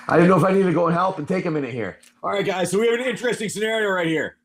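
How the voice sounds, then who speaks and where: A man with a high-pitched voice hosts a stream and runs a tabletop game. His narration is animated and excitable. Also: quick pace. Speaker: live stream host and game master.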